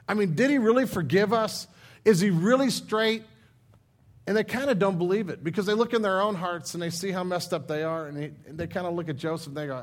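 A man's voice: high-pitched, brisk. A middle-aged man preaching a sermon as pastor, talking in an earnest, conversational way and acting out the scripture in his own words.

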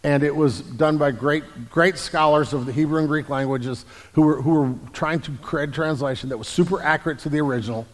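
A man's voice: a little high, fairly even intonation, a little fast, few pauses. A man, a pastor, answering congregation questions about the Bible in an explanatory way, often restarting and repeating words. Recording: long hall reverb.

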